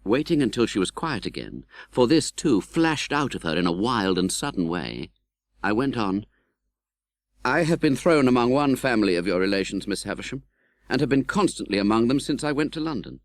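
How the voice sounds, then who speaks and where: A man reading an audiobook in scripted narration, expressive and dramatic, voicing the young hero's pleas. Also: medium pitch, moderate pace, dry recording.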